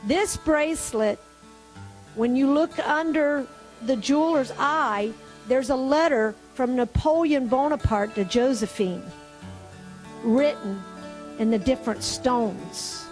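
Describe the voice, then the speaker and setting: A calm, knowing jeweler, as a woman preacher puts him on bargains in a patient, matter-of-fact way. The voice sits fairly high. Soft music plays behind him. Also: takes it slowly.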